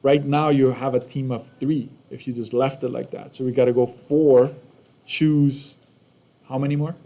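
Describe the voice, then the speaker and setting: A man's voice: medium pitch, steady tone, normal speed, mellow. A man with a Canadian accent teaching a math lesson casually, often checking in with "right?" and "okay?".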